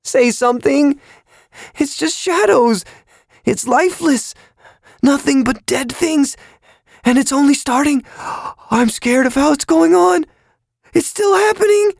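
A man narrating a story, voicing a frightened man who pleads in halting, strained bursts. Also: on the low side, creaky, darkish tone, dry recording, clean studio sound. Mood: panicked. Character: frightened man losing touch with reality.

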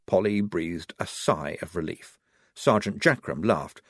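A man reading a novel aloud as narrator, in an expressive, wry manner. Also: sits low, unhurried, breathy edge, no room sound, clean studio sound. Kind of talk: audiobook narration.

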